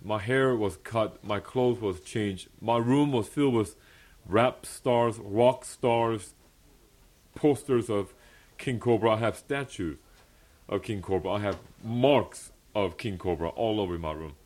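A man's voice: on the low side, slow pace, darkish tone. A young adult male pastor preaching a personal testimony sermon at a fellowship meeting, earnest and emphatic, repeating key phrases and laughing often.

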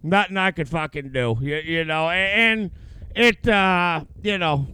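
A man's voice: on the high side, a little slow, sharp tone, smooth. A man co-hosting a casual podcast chat, swearing freely and rambling with emotion. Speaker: podcast co-host. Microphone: headset.

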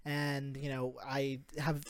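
A man's voice: mid-range voice, monotone, slow pace, clear, resonant tone. A young man on a podcast, casually telling a story, acting out quotes and swearing freely. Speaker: podcast host.

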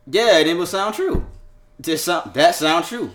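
Loose, profane young man with lively pitch. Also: measured pace. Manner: loose and profane, laughs, reads headlines aloud. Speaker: podcast co-host. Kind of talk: casual chat.

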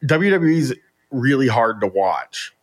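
A man co-hosting a podcast with a wry, joking manner. His voice sits at a middling pitch, and he talks in an easygoing, conversational way. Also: expressive, a little slow. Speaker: podcast co-host. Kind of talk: casual podcast chat.

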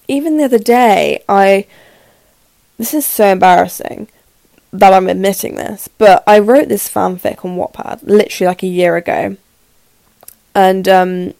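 18 yo girl podcasting, sore throat, rambly and nervous, gravelly, dry close sound. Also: medium pitch, mellow, dry recording. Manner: rambling, nervous, fast, lots of "like". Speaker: podcast host. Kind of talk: casual solo podcast chat. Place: her room in the evening.

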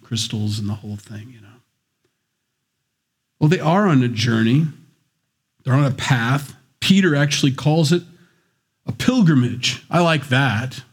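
A pastor preaches a sermon of Bible teaching in a conversational style, tossing in wry asides and small acted-out voices. His mid-range voice has a darkish, slightly rough tone.

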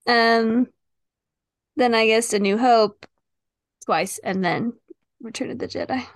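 A woman co-hosting a podcast, relaxed and guessing aloud in a casual game chat. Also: fairly high pitch, takes it slowly, no echo, clean studio sound. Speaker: podcast co-host.

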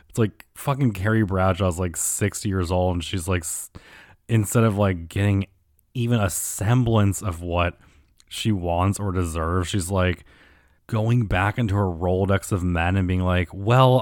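A man's voice: lowish voice, darkish tone, dry recording, studio quality. A man riffing sarcastically through a year in review, rambling and swearing with constant fillers. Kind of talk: casual year-in-review commentary.

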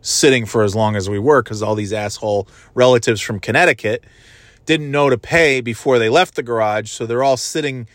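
A man in his forties rambles through a comic story, mocking himself and swearing casually. His voice sits at an ordinary pitch and sounds dry and close, with no room echo. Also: a little fast, a bit bright.

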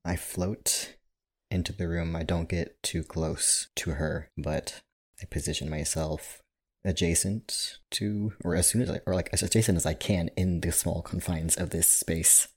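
Man, tabletop game player, very deep voice, husky, hesitant, self-correcting. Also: a little mellow.

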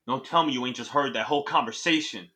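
An actor playing an excitable young man who swears loudly and tells a frantic story in slang, in an audio drama. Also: medium pitch, quick pace, lightly acted. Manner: loud, agitated storytelling with slang. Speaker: Trey, a young man who saw the Grim Reaper.

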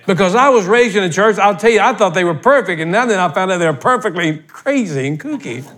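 An older male pastor delivers a sermon in a notably high voice. He talks in a folksy, plain-spoken way and pushes his points bluntly. His delivery swells into emphatic bursts when he presses a point. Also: animated, fairly quick, fairly bright tone, slight background noise. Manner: folksy, blunt, emphatic preaching with rising outbursts.

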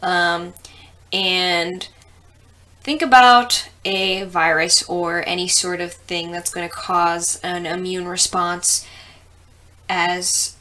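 A woman's voice: on the low side, steady tone, takes it slowly, sharp tone. Chatty young woman explaining science casually. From US Midwest. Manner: chatty, lots of ums, swears freely. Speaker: host.

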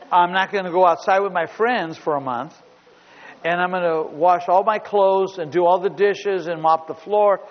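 A man's voice: high-pitched, voice pushed up, lightly acted. A man doing an eager, earnest young boy. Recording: dull recording in a big reverberant hall.

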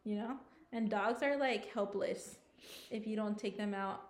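A woman's voice: medium pitch, measured pace, echoey room. A woman in her thirties co-hosting a podcast, chatting casually in an easygoing, playful way and laughing often. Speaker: podcast co-host. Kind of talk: casual chat.

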